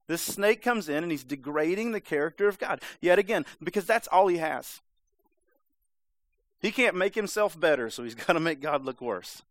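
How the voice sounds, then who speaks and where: A man's voice: fairly high pitch, a bit bright, no echo. A man preaching a sermon in a conversational, emphatic way, sometimes acting out voices. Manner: conversational, emphatic, acts out the serpent's lines.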